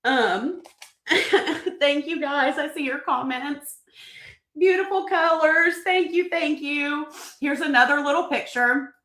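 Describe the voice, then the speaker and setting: Woman, live-stream host, chatty and excited, reading comments aloud; bright, slightly high voice with room echo. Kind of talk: emotional live-stream book reveal.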